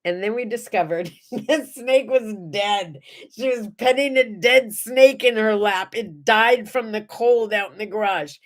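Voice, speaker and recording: Middle-aged woman host, lively and chatty, fairly high pitch, talks straight to viewers. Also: measured pace. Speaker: morning show host. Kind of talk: casual chat and storytelling.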